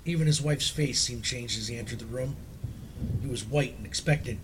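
A man reading a classic horror story aloud in a measured, solemn way. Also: mid-range voice, noisy background.

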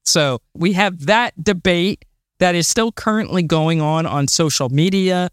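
Brief: male co-host, slightly high pitch, dry recording, chatty space enthusiast who rants. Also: measured pace, smooth, no room sound. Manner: enthusiastic, exasperated rants with fillers and laughs. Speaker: podcast co-host. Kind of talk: casual chat.

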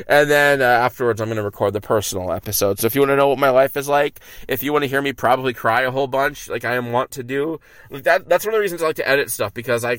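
A man's voice: lowish voice, fairly bright tone, no echo. Rambling man podcasting from his car. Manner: rambling, stammering restarts, frequent "like". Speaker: podcast host. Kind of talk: rambling solo podcast monologue. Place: inside a car.

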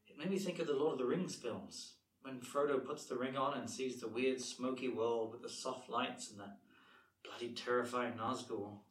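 A man's voice: mid-range voice, moderate pace, husky. Man coaching a voice actor. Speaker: director. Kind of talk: directing a recording session.

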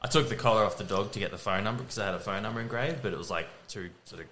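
Low-ish aussie guy rambling a story, laughs a lot, bit of background hiss. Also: very fast, a bit bright. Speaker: podcast co-host. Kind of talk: casual chat.

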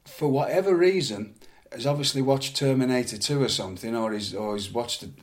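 A middle-aged man from England, a former wrestler, telling animated anecdotes in a casual chat with frequent laughs and repeated words. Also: medium pitch, a little fast.

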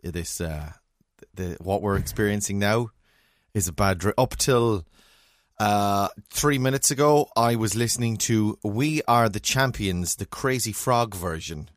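A man's voice: on the low side, unhurried, no echo. A tired man hosting a podcast from a home studio, playful and teasing in casual chat. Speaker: podcast host.

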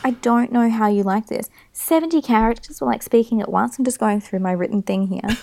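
A woman's voice: on the high side, brisk, creaky, mellow. A woman co-hosting a podcast, ranting bluntly and with exasperation in casual chat. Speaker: podcast co-host.

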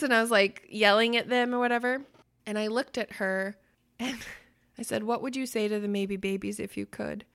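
Bright, clear-voiced woman podcast host. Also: fairly high pitch, fairly even intonation, moderate pace. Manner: swearing, storytelling, laughs loudly. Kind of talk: casual chat.

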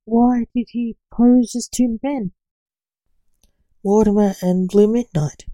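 A woman reading the part of a curt, questioning male policeman in a storybook reading, in a low-key voice. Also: slow pace, mellow, no echo.

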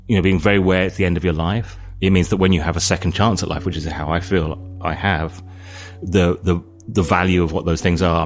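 A British man speaking as an interview guest, telling his story in a calm, thoughtful way. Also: low-pitched. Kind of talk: reflective interview talk.

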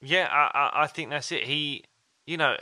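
A man's voice: a little high, moderate pace, pushed and bright, no echo. A man co-hosting a podcast, telling stories in a chatty, casual way with fillers and quoted asides. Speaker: podcast co-host. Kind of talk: casual chat.

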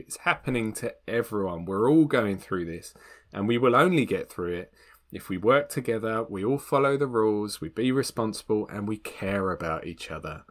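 A low-voiced man co-hosting a comedy podcast, delivering blunt, preachy advice. His pitch swings widely and expressively as he lectures. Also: a bit bright. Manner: giggly, then blunt and preachy when giving advice. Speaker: podcast co-host. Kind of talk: casual comedic advice chat.

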